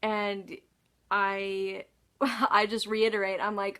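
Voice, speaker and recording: A woman vlogger tells a story in a loose, casual voice. She sighs often, swears freely and sounds exasperated. Her voice sits at a middle pitch for a woman. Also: level tone, takes it slowly, fairly bright tone, clean tone.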